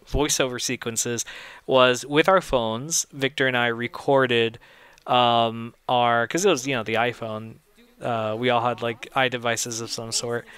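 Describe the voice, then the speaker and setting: A man's voice: medium pitch, fairly bright tone, clear, resonant tone, dry recording. Chatty young man rambling through commentary. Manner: rambling, chatty, laughs at his own jokes. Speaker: filmmaker giving audio commentary. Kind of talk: casual audio commentary.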